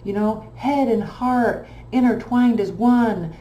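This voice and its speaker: A woman's voice: on the high side, takes it slowly, dark tone, reverberant, a little hiss or hum, low-quality recording. A woman reading tarot cards in a blunt, emphatic way, repeating phrases for stress. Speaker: tarot reader.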